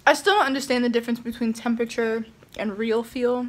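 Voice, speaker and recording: A woman's voice: on the high side, steady tone, normal speed. A young woman from Maryland chatting casually in a travel vlog, giggling often as she talks. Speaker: vlogger. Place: airport and outdoors while traveling. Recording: noisy travel background.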